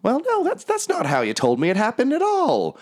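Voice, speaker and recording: Man putting on a high female voice, indignant, otherworldly, tabletop game. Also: huge pitch swings, a little fast, exaggerated voice. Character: otherworldly overarching female voice, Lulu.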